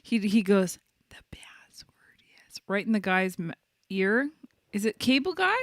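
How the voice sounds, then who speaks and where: A woman co-hosting a podcast, teasing her partner in quick banter. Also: medium pitch, big pitch swings, dry recording, clean studio sound. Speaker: podcast co-host. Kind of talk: casual chat.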